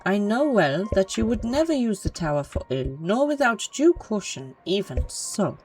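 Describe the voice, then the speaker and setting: A woman's voice: medium pitch, big pitch swings, normal speed, darkish tone, faint music behind, pitched above the performer's own voice, rough recording. Woman reading as a formal guard captain. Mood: earnest. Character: stern female guard captain, formal and earnest.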